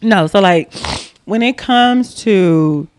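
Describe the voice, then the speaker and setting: A young adult woman, a podcast guest, telling a story casually in an animated, profane way, laughing often. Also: mid-range voice, slow, no echo, clean studio sound.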